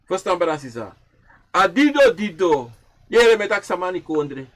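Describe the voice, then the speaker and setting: A man giving a spoken teaching on ancestral tradition over a livestream. He repeats phrases in a chanting way and swings from loud to hushed. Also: high-pitched, very animated, normal speed. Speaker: livestream speaker.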